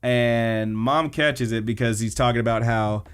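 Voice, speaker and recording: A man's voice: mid-range voice, fairly even intonation, unhurried, clear, resonant tone. A man co-hosting a podcast, casually recapping anime episodes in a chatty way and acting out the characters' lines. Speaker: podcast co-host.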